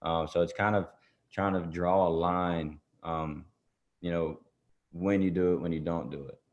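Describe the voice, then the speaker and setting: Deep-voiced man, soft and halting. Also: fairly even intonation. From Chattanooga, Tennessee. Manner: soft-spoken, halting, with many fillers and restarts. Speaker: guest musician. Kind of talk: casual interview answers. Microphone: video call. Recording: muffled video-call audio.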